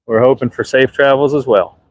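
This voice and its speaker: A man's voice: mid-range voice, a little fast, low-quality recording. A man with a Southern US accent giving a casual live stream from a ship deck as its superintendent, answering viewer comments as he films.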